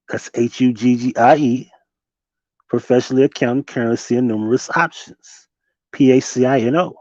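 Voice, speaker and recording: Chatting with viewers from his desk on a laid-back late-night stream, a young male host keeps things loose and full of slang, laughing a lot. He speaks at a moderate pace in a steady, warm, medium-pitched voice, with no echo and the highs cut off.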